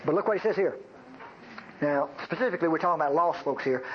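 Speaking quickly in a fairly high voice, a preacher trades banter with his flock during a folksy sermon. Faint noise runs under the dull, lo-fi recording.

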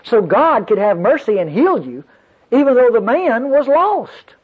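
In this dull lo-fi sermon recording, a male pastor tells a story and calls out to his listeners in a folksy preaching style. His very high, husky voice swings widely in pitch, and he takes his time.

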